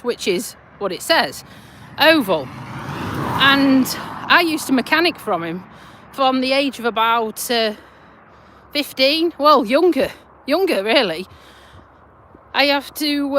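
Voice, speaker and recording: A British woman in her forties walks her dog outdoors while live-streaming into her phone, her voice high-pitched and fairly bright. The vlogger chats casually and rambles, laughing easily.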